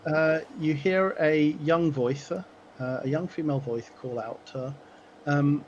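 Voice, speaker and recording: A man running a tabletop game, his voice sitting a little high as he narrates in a halting way full of ums and uhs. The sound is muffled and lo-fi with a faint hiss underneath. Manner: halting, many fillers. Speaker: game master.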